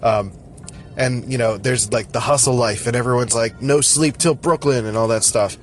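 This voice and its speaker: A man's voice: medium pitch, flat delivery, normal speed. Rambling man talking while driving. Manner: scattered, joking, self-deprecating. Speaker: podcast host. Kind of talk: casual rambling monologue. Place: in a car in traffic.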